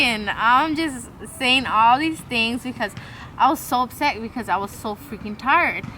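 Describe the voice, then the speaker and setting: A woman's voice: a little high, unhurried, pushed and bright, slight background noise, low-quality recording. A young woman vlogger telling a long, rambling personal story in a casual way, swearing freely and acting out the lines of the people in it. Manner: acts out quoted dialogue.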